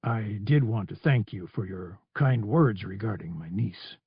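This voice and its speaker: Admiral Akbar, a gravelly old alien admiral, as the narrator voices him. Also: male voice, mid-range voice, animated, no room sound, highs cut off. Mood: quiet. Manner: formal, measured speech. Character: gravelly elderly alien male admiral, formal and courteous.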